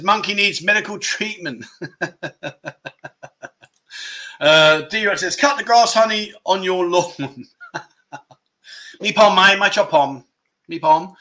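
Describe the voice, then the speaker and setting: A man hosts a relaxed live chat, reading out comments and breaking into frequent laughs. His voice sits a little high and sounds bright and forward. He slows right down when he teaches a foreign word. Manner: chuckling often, teaching Thai words slowly. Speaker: livestream host.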